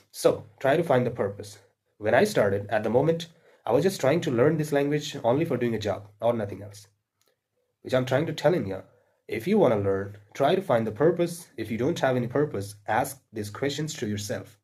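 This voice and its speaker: Husky Indian man giving earnest advice. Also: mid-range voice, a little mellow. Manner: earnest, repetitive, frequent fillers and restarts. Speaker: English learning vlogger. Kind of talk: casual spoken advice to learners.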